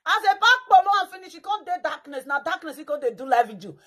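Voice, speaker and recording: A woman's voice: high voice, very animated, quick pace, fairly bright tone. A woman with a Nigerian Pidgin accent giving dramatic, mocking commentary, breaking into chants and mock cries.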